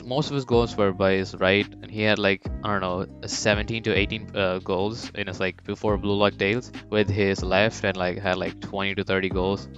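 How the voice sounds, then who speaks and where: Casual young male storyteller, slightly low voice, loose and profane delivery, lo-fi mic with soft music underneath. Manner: rambling, swears, jumps into quick high character voices. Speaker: fan storyteller. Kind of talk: casual unscripted fan-story narration. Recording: dull lo-fi mic with faint background music.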